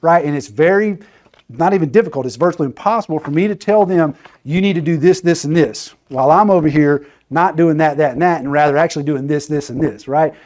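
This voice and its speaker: A man's voice: a little high, brisk, a little mellow. Chatty man leading a training. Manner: conversational, keeps checking in with "right?". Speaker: training presenter. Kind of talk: casual training talk.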